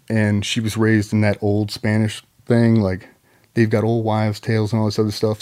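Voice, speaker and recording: A man's voice: fairly low pitch, darkish tone. Rambling, profane male podcast guest. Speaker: podcast guest, former Navy SEAL. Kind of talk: casual storytelling.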